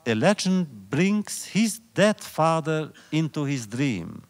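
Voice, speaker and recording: A man giving a public lecture on religious history in a lecture hall, speaking in a measured, deliberate way with rhetorical repetition. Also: on the high side, big pitch swings.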